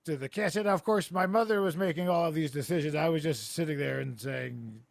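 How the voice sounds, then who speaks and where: Male comedy podcast host: slightly high, gravelly voice, dry close mic, rambling deadpan storyteller on a video call. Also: a little fast, no echo. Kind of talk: casual comedic chat. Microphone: remote video call.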